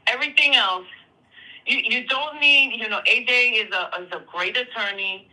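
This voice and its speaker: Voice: medium pitch, bright, forceful tone, poor audio. बहुत तीखी, चमकदार आवाज़ में झिझकती बातचीत. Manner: hesitant, measured, full of "you know" and "um". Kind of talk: casual chat.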